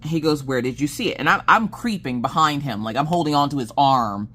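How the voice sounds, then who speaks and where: A woman chatting casually on her craft channel, telling animated stories and laughing as she goes. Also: a little fast, breathy edge. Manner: animated, acts out quoted dialogue with big pitch jumps. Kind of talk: casual chat storytelling.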